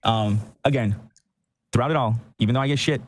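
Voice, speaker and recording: A man who talks fast and dry, close on the mic. He defends himself with sarcastic asides. His voice sits in a middle pitch. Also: dry recording.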